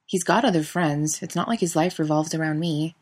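A woman reading the lines of a young adult man, calm, quiet and reassuring. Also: sits low, brisk. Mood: wry. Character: young adult man, guarded but trusting lover.

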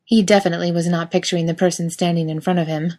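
A woman's voice: on the low side, steady tone, quick pace, a little mellow. Woman reading a wry story aloud. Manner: wry, casual reading with swearing. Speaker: reader. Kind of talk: storytelling narration.

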